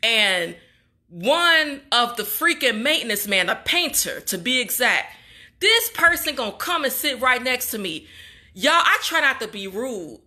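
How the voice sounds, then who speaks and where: A young woman from Chicago speaks in a casual vlog, upset and hurt as she talks straight to her viewers. Her voice sits a bit high, with a bright, forceful tone. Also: expressive, normal speed. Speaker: vlogger and graduate student. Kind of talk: casual emotional vlog monologue.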